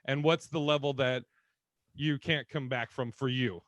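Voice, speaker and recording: A man's voice: medium pitch, steady tone, unhurried, fairly bright tone, no room sound. A man co-hosting a podcast in casual comedic chat, joking, swearing freely and laughing often. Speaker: podcast co-host.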